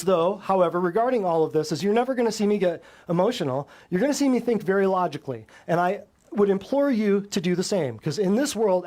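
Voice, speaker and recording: A man's voice: high-pitched, a little mellow. A man hosting a natural health show, lecturing a live audience bluntly and emphatically, often firing rhetorical questions at his listeners. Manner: blunt and combative.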